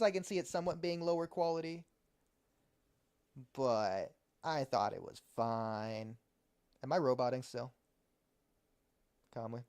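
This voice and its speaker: A man's voice: mid-range voice, a little slow, long pauses, darkish tone, clear, resonant tone. A man co-hosting a reaction stream over a voice call, talking casually, rambling and laughing often. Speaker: podcast co-host. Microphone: remote call mic.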